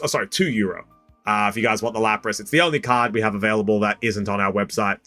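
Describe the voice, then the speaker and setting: A man's voice: lowish voice, fast talker, no room sound, faint music behind. A man streaming as he opens card packs, chatting casually and joking with viewers by name. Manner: lively, joking, talks to chat by name. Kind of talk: casual live-stream chat.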